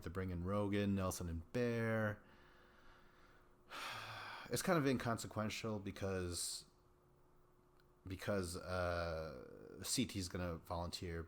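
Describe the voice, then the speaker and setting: A young man talking through a solo podcast recap in a loose, rambling way, swearing freely and filling pauses. His voice sits a little low. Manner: rambling, profane, chatty with many fillers. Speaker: podcast host. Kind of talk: casual solo recap chat.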